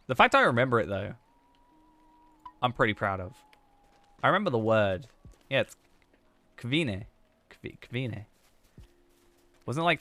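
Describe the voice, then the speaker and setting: A man's voice: medium pitch, bright, forceful tone, dry recording. A man streaming a game, chatting casually and thinking aloud in a rambling, self-mocking way. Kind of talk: casual gameplay chat.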